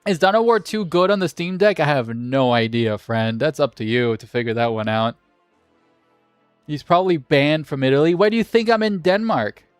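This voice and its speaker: A man's voice: on the high side, expressive, moderate pace, clean tone, no echo, faint music behind. A man hosting a game tournament on a livestream, chatting casually and joking with viewers, swearing now and then.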